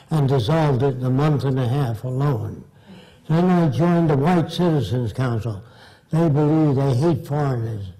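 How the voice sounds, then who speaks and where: A man's voice: mid-range voice, mellow, low-quality recording. Blunt older male lecturer telling stories. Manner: blunt, storytelling, acts out quotes. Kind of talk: lecture answer with anecdotes.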